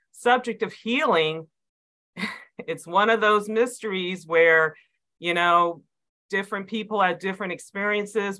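A woman's voice: mid-range voice, pushed and bright, rough recording. A woman in a prayer group speaking enthusiastically in casual chat, with many fillers.

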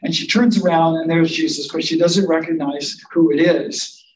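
A man's voice: on the high side, fairly even intonation, moderate pace, distant mic, a little hiss or hum. A man preaching a sermon in a conversational way, asking listeners to picture the scene. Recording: roomy sound from off mic with faint ambience.

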